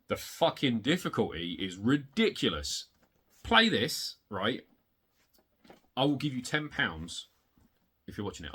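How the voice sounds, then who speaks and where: A man showing off his retro game collection in a casual, rambling way, excitable and swearing, getting worked up in rants, hot and sweaty. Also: slightly rough. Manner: excitable, swearing, rants with big pitch jumps. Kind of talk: casual rambling show-and-tell.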